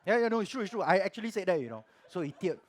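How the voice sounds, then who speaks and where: A middle-aged Singaporean man with a Singaporean accent, giving a church testimony in chatty Singlish that swings from hushed to loud. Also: high-pitched, sing-song, racing. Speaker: guest preacher.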